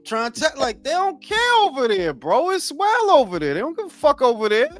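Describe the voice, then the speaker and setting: A man talks boxing on a casual podcast, joking, swearing and mimicking fighters as he goes. His pitch swings widely, rising high when he gets worked up. A faint bit of music sits underneath him. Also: fairly quick. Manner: animated, swearing, jokey, slips into mocking impressions. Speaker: podcast co-host.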